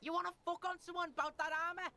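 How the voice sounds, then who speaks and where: A bratty, foul-mouthed boy, bright and high. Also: little pitch movement, very fast, exaggerated voice. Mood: brash. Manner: talks about himself in third person, swears constantly. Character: foul-mouthed scrappy young boy, boastful. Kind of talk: reading video game dialogue aloud.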